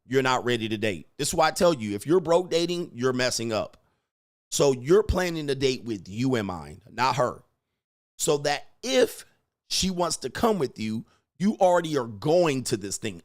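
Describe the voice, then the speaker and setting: A man giving dating advice in a blunt, emphatic monologue, swearing freely and acting out quoted lines. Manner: acts out quoted lines with rising pitch. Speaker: dating coach. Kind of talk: casual monologue.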